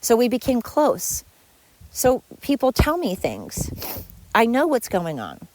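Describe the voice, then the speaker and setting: This middle-aged podcast host speaks slowly, her darkish voice swooping wildly in pitch as she sarcastically vents about ex-coworkers in a solo rant. She imitates them with high voices, and there's slight background noise.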